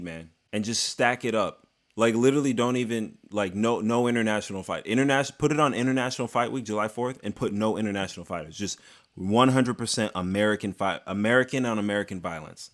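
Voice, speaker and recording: Excitable man ranting about fights. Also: fairly low pitch. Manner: excitable, jokey, slangy. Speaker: MMA YouTuber. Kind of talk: casual fight recap rant.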